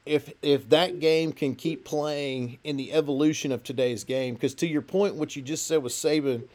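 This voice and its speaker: A man's voice: on the high side, fairly even intonation, normal speed, a little mellow. A man talking football in a casual, rambling way, with many restarts. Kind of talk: casual sports talk.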